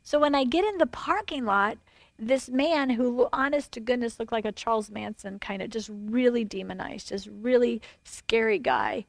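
A woman's voice: on the high side, moderate pace, vocal fry, dry recording. Dry-voiced woman preaching a testimony. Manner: animated storytelling with fillers. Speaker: pastor. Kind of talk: sermon testimony.

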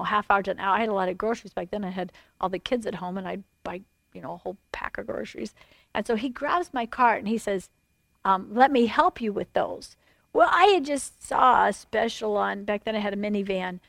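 A middle-aged woman pastor telling a personal testimony in a sermon, animated and full of fillers. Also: mid-range voice, gravelly, no echo.

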